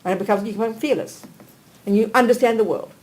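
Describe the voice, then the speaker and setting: An older woman giving a Buddhist teaching in a blunt, emphatic, conversational way, swinging between quiet asides and animated bursts. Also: on the high side, fast, low-quality recording. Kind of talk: dharma teaching talk. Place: teaching hall.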